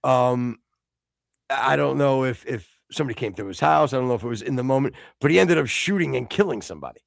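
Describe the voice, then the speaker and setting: A middle-aged American man hosts a casual live-stream chat, rambling and restarting his sentences, now and then flaring into mock-exasperated rants. His voice has a gravelly edge and swings widely in pitch. The recording is close and dry. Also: expressive, fast, no room sound. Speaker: podcast host.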